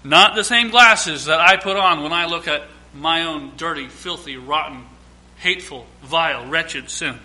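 A man, a pastor with young children, preaching a sermon, emphatic, repeating and listing phrases, swinging from loud declarations to quiet asides. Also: a little high, measured pace.

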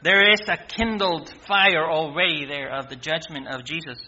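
A man's voice: on the high side, steady tone, normal speed, bright, forceful tone, muffled recording, slight background noise. A man preaching a sermon, emphatic, repeating key words and firing off rhetorical questions.

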